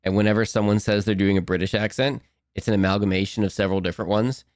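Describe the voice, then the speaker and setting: A young man, a streamer rambling casually to his chat, self-mocking and quick to laugh. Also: lowish voice, fairly even intonation, darkish tone, dry recording, clean studio sound.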